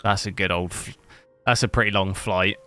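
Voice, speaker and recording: A man's voice: low-pitched, fairly even intonation, moderate pace, pushed and bright, smooth, soft background music. A man from England with an English accent, chatting casually to viewers while streaming a game, rambling and hunting for words. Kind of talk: casual live-stream chat while gaming.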